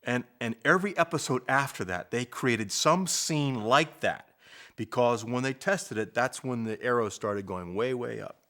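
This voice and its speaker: An older man, an actor, recalling his early career in a soft-spoken, unhurried interview manner. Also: medium pitch. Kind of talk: interview reminiscence.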